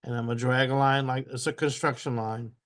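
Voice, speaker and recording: A man teaching a step-by-step software tutorial. He repeats each step aloud patiently and keeps clearing his throat. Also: medium pitch, steady tone, brisk. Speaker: instructor.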